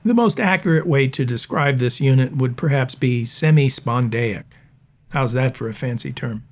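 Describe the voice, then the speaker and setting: A man giving a spoken lesson on verse for performance. He explains in a measured way, with a touch of dry humor. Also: medium pitch. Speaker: teacher of verse speaking.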